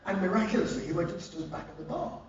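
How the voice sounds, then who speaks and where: At a live concert venue, a high-voiced man tells profane stories on stage at a fast clip, laughing often and staying animated. The spoken-word set is recorded from a distance in an echoey hall, sounding dull, with a noisy background.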